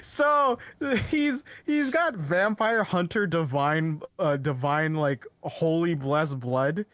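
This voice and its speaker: A man co-hosting a casual podcast, excitedly retelling a show's plot with frequent laughs and rambling asides. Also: on the high side, slow, no room sound. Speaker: podcast co-host. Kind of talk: casual chat.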